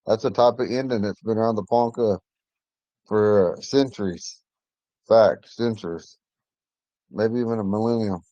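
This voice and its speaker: A man teaching an online language class, talking in a relaxed, rambling way with many fillers. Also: on the low side, a little slow, pauses often, no room sound, lo-fi sound. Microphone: phone.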